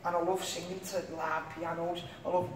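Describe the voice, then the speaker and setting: Young scouse guy rambling in a casual interview, highish voice, echoey room. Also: little pitch movement, fairly quick. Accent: Liverpool. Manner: rambling, peppered with "you know what I mean". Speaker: interview guest, singer. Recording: echoey room, distant mic, faint noise.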